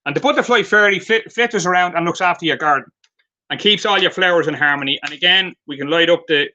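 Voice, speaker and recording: Demonstrating his handmade goods live, an Irish vendor talks at a quick pace in a fairly high, sharp-toned voice over dull audio. He's chatty, telling light-hearted stories with many fillers.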